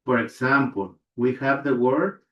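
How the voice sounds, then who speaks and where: A man's voice: mid-range voice, fairly even intonation, unhurried. A man teaching a language pronunciation lesson, repeating each example word and checking in with his listeners. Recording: echoey room, dull lo-fi sound.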